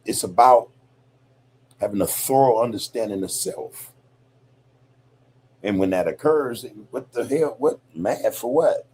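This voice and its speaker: Mellow and low with a breathy edge, a man's voice carries a casual podcast monologue. He reflects loosely, curses, and leans on "you know, man" again and again.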